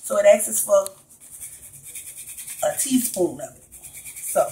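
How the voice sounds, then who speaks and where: A woman's voice: mid-range voice, expressive, takes it slowly, warm tone, low-quality recording. A woman with a New Orleans accent, talking through a recipe in her home kitchen and chatting directly with her viewers. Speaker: cooking vlogger. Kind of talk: casual cooking video.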